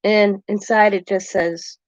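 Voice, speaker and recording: Unhurried and steady, her mid-range voice drifts through meandering, casual talk at home; she's an older woman who hosts a craft channel and chuckles frequently. The sound is dull, dry and lo-fi.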